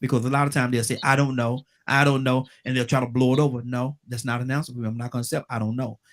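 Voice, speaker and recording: An older man hosting a call-in radio talk show, speaking earnestly, repeating words and dropping his voice low and calm to make a point. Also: rapid-fire.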